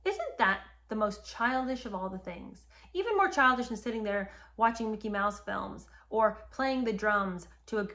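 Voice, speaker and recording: A woman's voice: mid-range voice, fairly bright tone. A woman casually retelling a history story to the camera, speaking straight to her viewers in an indignant, emphatic way. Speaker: history commentator.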